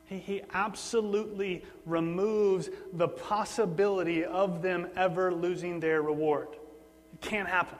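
A man preaching a sermon in a relaxed, conversational way, often repeating words for emphasis. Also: high voice, measured pace. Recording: long hall reverb, faint mains hum.

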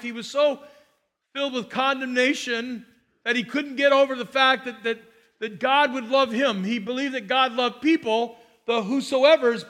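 A man preaching as a pastor, telling a story with conversational asides and swinging from loud, impassioned lines to hushed ones. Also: extremely high pitch. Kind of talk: sermon.

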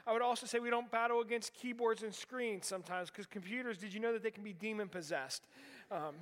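A man's voice: high-pitched, fairly bright tone. A man of about forty preaching a sermon in a church, telling a candid personal story with self-deprecating humor. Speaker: pastor. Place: church sanctuary. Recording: long hall reverb in a church.

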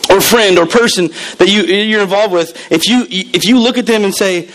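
A man's voice: high voice, moderate pace, fairly bright tone, poor audio. A man preaching a sermon as pastor, emphatic and repeating key words, acting out the voices he quotes.

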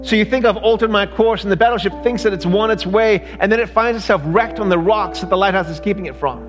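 A man's voice: sits high, fast talker, big-room sound, over music. A male pastor preaching a sermon, emphatic, with repeated words as he speeds up.

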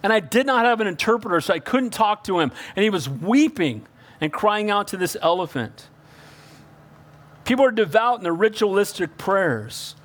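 High-voiced man preaching a sermon. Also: sing-song, moderate pace. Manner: preachy, calls for amens, swings from loud to hushed. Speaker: pastor.

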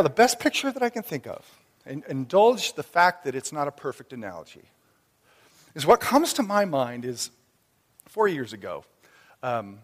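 A man in his thirties or forties preaching a sermon as a pastor, conversational and animated. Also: on the high side. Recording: long reverb of a hall.

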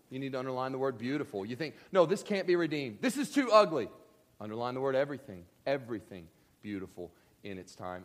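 A man preaching a sermon, speaking earnestly and directly to his congregation and building to emphatic, animated bursts. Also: mid-range voice.

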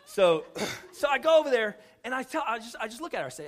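A man's voice: very high-pitched, sing-song, quick pace. A middle-aged male pastor from Houston, telling a story in a sermon, acting out the dialogue with self-deprecating humor. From Houston, Texas.

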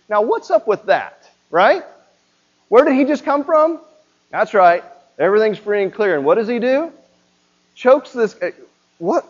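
A man preaching a sermon with a high voice. He talks to the congregation in a relaxed, conversational way and keeps checking in with rhetorical questions. The recording sounds a little muffled. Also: measured pace, pauses often. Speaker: pastor.

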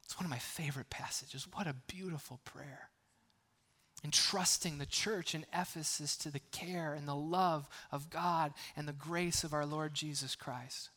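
A man pastor preaching a sermon in a conversational way, with frequent restarts and playful asides, moving between hushed, near-whispered lines and loud, emphatic bursts. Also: fairly high pitch, steady tone, moderate pace. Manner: playful humor between earnest points.

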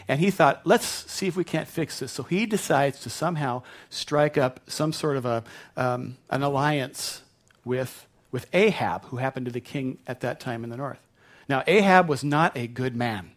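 A man preaching a sermon, retelling a Bible story in a conversational way with asides to the congregation. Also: a little high. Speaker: pastor.

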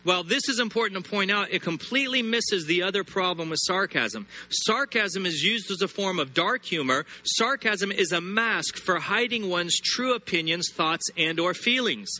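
A man preaching a sermon, emphatic, repeating words and slowing down hard on key lines. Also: sits high, expressive, sharp tone, slight background noise. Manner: emphatic, repeats words and builds phrases, slows sharply on scripture.

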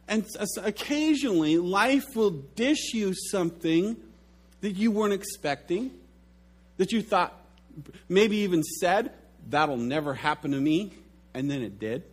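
A middle-aged pastor preaching a sermon, telling stories with lively swings in his delivery. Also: high voice. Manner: animated storytelling, acts out his own shouted outburst.

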